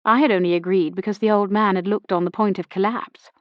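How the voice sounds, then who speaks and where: A woman's voice: medium pitch, steady tone, fast, dry recording, lo-fi sound. Woman narrating a mystery audiobook. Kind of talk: first-person audiobook narration of a period mystery.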